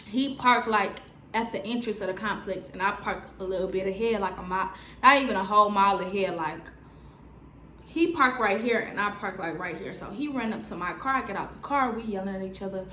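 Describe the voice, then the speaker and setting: A woman in her twenties telling a story on her vlog in a lively, slangy way, full of "like" fillers. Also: medium pitch, fairly quick, roomy sound, slight background noise. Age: 20s. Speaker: vlogger. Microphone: on-camera mic.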